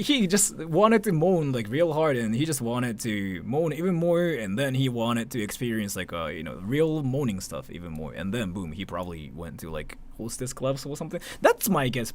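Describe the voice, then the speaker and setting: Japanese guy in his 30s streaming, laughs a lot, swears, voice jumps all over the place. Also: mid-range voice. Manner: animated, laughing often, swearing, heavy filler words. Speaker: livestreamer. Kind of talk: casual livestream chat.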